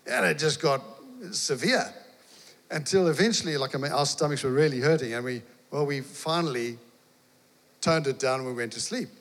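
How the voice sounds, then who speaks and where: An animated male preacher tells a story from the pulpit and acts out its dialogue. His voice sits at an ordinary middle pitch for a man. It rings with the long reverb of a large hall. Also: moderate pace. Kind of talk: storytelling sermon.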